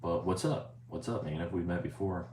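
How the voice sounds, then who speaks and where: A man's voice: deep voice, moderate pace, darkish tone. A young man chatting casually on a live stream, rambling and swearing, often saying "bro" and reading viewer chat aloud. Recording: roomy, faint ambient noise.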